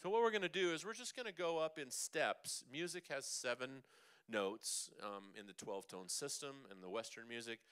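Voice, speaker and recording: Bright, clear-voiced male vocal coach. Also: mid-range voice, expressive, normal speed. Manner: upbeat, coaxing, demonstrating hums and breaths. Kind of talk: leading a group vocal workshop. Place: church hall.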